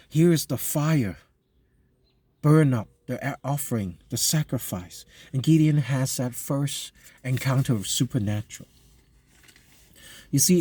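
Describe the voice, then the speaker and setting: A man preaching a sermon. He reads scripture aloud, then explains it in a halting, conversational way with many fillers and restarts. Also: mid-range voice, dark tone, husky, no echo. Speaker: pastor.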